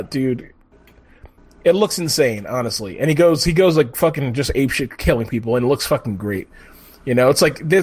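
A man co-hosting a podcast, chatting casually in a rambling, profane way with lots of fillers. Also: medium pitch. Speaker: podcast co-host. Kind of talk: casual chat.

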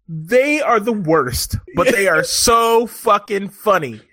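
A man co-hosting a podcast in casual chat, animated and rambling, laughing often. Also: high voice, slow, no echo, clean studio sound. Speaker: podcast co-host.

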